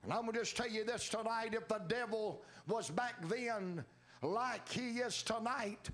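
A man's voice: sits high, unhurried, fairly bright tone. A man preaches a revival sermon from a church pulpit. He tells folksy, humorous stories and builds his points with rhythmic, repeated phrases. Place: church sanctuary.

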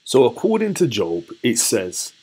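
A man leading a casual Bible study, chatty and relaxed, who asks his listeners questions and then answers them himself. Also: mid-range voice, measured pace, husky. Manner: relaxed, chatty and self-correcting. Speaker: scripture teacher.

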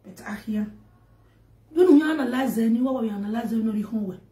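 Nigerian woman, high voice, emphatic rant to camera, roomy echo. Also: fairly quick, warm tone. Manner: emphatic, scolding, repetitive. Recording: echoey room.

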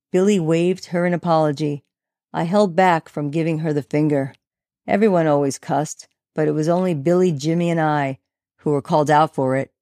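A woman's voice: low-pitched, dark tone, no echo. Author reading her own novel, woman, wry first-person narration, dry close mic.

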